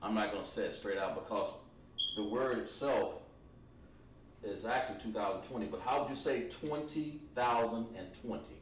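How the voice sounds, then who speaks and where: Man teaching a class from a distance. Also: fairly low pitch. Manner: halting, thinks aloud while writing on a board. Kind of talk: classroom language lesson. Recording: echoey room, mic at a distance, faint noise.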